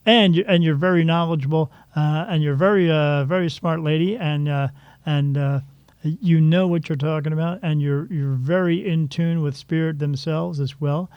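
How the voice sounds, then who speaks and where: A man's voice: on the high side, steady tone, moderate pace, clean tone, no room sound, dull audio. A man hosting a spiritual podcast, chatting casually in a rambling, jokey way with plenty of filler words. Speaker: podcast host. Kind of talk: casual chat. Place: Delaware.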